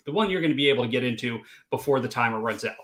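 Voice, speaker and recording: A man's voice: medium pitch, expressive, rapid-fire, a bit bright. A man narrating as game master in a tabletop role-playing session, casual and full of fillers.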